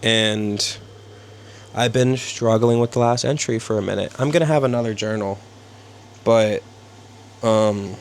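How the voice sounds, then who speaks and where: A young man vlogging casually from his bedroom, rambling and halting with many fillers. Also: lowish voice, fairly even intonation. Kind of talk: casual self-interview. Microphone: small handheld camera.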